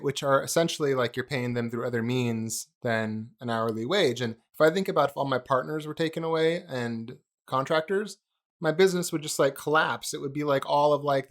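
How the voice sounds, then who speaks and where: A man's voice: medium pitch, normal speed. A man in the middle of his range chats on a podcast. He rambles, circles back, and leans on fillers as he talks things through with his co-hosts. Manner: rambling, filler-heavy, self-interrupting. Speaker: podcast co-host. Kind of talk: casual podcast chat.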